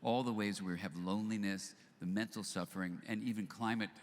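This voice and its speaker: An older man giving a live storytelling talk to an audience, animated as he acts out both sides of remembered conversations. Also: lowish voice, brisk. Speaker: speaker at a live book launch event. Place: event venue with audience. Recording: long hall reverb, faint ambience.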